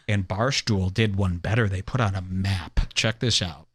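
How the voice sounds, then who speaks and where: A young man hosting a podcast, ranting sarcastically over clips and mocking people in high put-on voices. He is from Illinois. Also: normal speed, few pauses. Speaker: podcast host.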